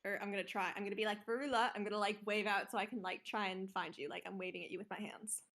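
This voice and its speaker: A woman playing a tabletop game, playful and excitable as she acts out her character. Her voice is bright and sharp, sitting mid-range. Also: medium pitch, racing. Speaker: player. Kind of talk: casual tabletop play.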